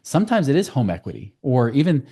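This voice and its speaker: A man speaking as a guest on a podcast interview, telling client stories in a quick, storytelling way. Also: medium pitch, wildly swooping pitch, mellow, breathy edge. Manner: fast, storytelling with client anecdotes. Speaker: guest, financial coach.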